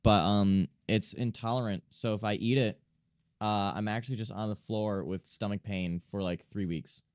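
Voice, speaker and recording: Low-voiced man rambling on stream. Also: fairly even intonation, normal speed, clean tone, no echo, studio quality. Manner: rambling, self-mocking, talks to himself and chat. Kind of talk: casual chat while drawing on stream.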